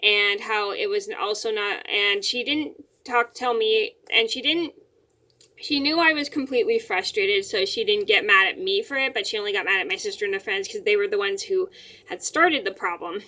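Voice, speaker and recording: A woman's voice: mid-range voice, normal speed, sharp tone. A young woman telling a home story to her camera from her bedroom, rambling and often repeating and restarting her words. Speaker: vlogger.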